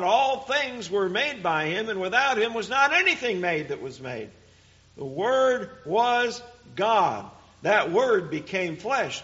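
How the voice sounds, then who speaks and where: A man preaching a sermon, teaching deliberately and emphatically and asking rhetorical questions. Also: sits high, a bit bright. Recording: dull lo-fi recording.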